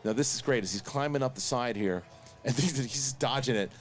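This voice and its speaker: A man hosting a casual watch-along review, talking excitedly in quick bursts and laughing often. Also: mid-range voice, soft background music. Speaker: host.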